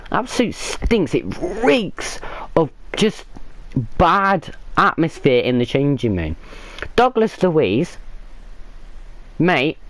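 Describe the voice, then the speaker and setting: A man rants through a fan reaction to a match, blunt and heavy with sarcasm. His voice sits a little high and swings widely up and down. The sound is close and dry, with no room around it. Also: no room sound. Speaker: football fan vlogger.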